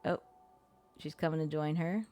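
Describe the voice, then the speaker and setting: With soft music in the background, a young woman streams a game on her streaming mic, narrating, cursing, and laughing at her own struggles in casual, chatty commentary. Her voice is low and mellow, with fairly even intonation and a normal speed.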